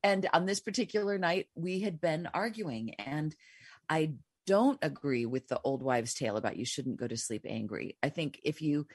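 A woman with a low, husky voice chats as host, telling a story with lively energy and acting out the quotes. The sound is dry and close, with no room around it. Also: moderate pace, no room sound. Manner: animated storyteller, acts out quotes. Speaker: show host. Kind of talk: casual chat.

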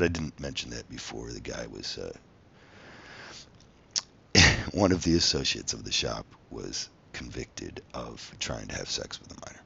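A man, a tattoo artist, telling a profane, animated story about his past in a casual monologue. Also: a bass voice, measured pace, gravelly, husky, dull audio. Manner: profane, animated, reenacts his own outbursts. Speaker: tattoo artist and former reality show contestant.

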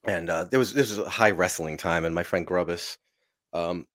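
A man's voice: low-pitched, normal speed, fairly bright tone, no room sound, studio quality. A man from New Jersey, a podcast guest, telling a long profane story in a rambling, self-interrupting way. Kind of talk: casual storytelling.

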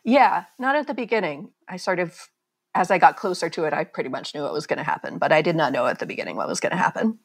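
A woman's voice: fairly low pitch, very animated, fast talker, breathy edge. A woman author being interviewed, talking candidly and chattily and laughing at herself. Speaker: author guest. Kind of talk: casual conversational interview.

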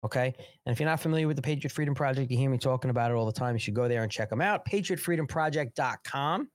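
A man's voice: medium pitch, very fast, no room sound, clean studio sound. A man hosting a live political talk show, ranting and sarcastic, breaking off his own sentences and stopping to plug his products. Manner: ranting, sarcastic, restless and self-interrupting. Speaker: host.

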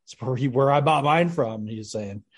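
A man's voice: medium pitch, brisk. A man chatting casually as a podcast guest, rambling thoughtfully about a horror movie.

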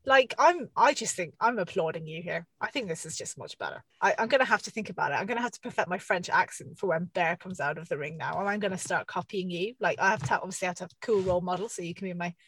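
A woman's voice: lowish voice, quick pace, few pauses, fairly bright tone, slightly rough, dry recording. A woman co-hosting a podcast, chatting in an enthusiastic, encouraging way and swearing freely. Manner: enthusiastic, swears freely, cheering the other host on. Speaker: podcast co-host. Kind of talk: casual chat.

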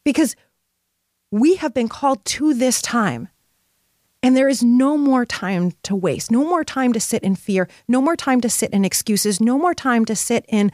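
A middle-aged woman with a bright, somewhat high voice delivers a motivational podcast monologue. She speaks with fervent, spiritual conviction, leaning hard into her key words. The sound is close and dry, with no room around it. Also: animated, measured pace, no echo. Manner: impassioned, emphatic, spiritual. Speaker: podcast host.

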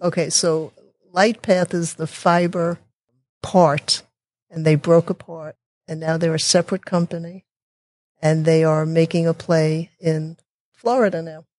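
A woman's voice: sits low, little pitch movement, a little slow, darkish tone, no room sound. Chatty woman consultant, dry close sound. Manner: chatty, restarts often, sarcastic asides. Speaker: guest, technology consultant. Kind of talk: casual interview chat.

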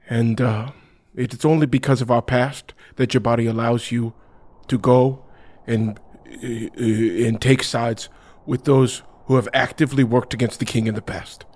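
A man's voice: mid-range voice, darkish tone, natural voice. A man playing a dutiful male warrior who refers to himself in the third person, speaking formally with some hesitations.

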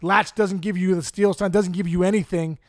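A stern baseball manager, as a man puts him on, giving a team briefing step by step. His voice sits high for a man and stays close to the storyteller's own, in a dry, close recording. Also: steady tone, fairly quick, no room sound, lightly acted. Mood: exasperated. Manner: briefing, explaining signs step by step. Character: stern middle-aged male baseball manager, lecturing.

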